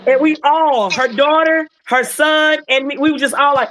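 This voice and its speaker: A woman telling a client's story in a casual, animated way, with emotional moments. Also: sits high, moderate pace, few pauses, poor audio. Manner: animated, emotional retelling with acted quotes. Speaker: wellness patch seller sharing a client story.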